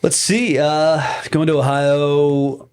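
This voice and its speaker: A man's voice: a little high, fairly even intonation, takes it slowly, darkish tone, a little hiss or hum. Easygoing male comedian co-host. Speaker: podcast co-host, touring comedian. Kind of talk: casual chat.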